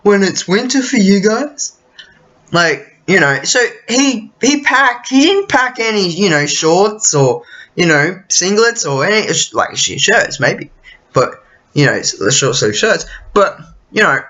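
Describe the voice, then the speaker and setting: Brief: high-pitched Australian man, unhurried and bright-toned, swearing through a rambling rant. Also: big pitch swings, highs cut off. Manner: profane, rambling, frequent restarts and fillers. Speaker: vlogger. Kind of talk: casual ranting monologue.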